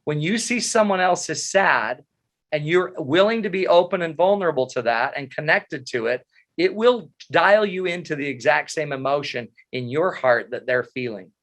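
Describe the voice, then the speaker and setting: A middle-aged man giving a motivational talk, animated and self-mocking, telling funny stories. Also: fairly high pitch, moderate pace. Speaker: motivational speaker. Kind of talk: humorous storytelling talk.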